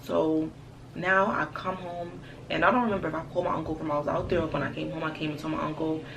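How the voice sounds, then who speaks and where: A young woman telling a storytime on her vlog, animated, slangy and profane. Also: low-pitched, fast talker, vocal fry, noisy background. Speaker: vlogger. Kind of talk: casual storytime.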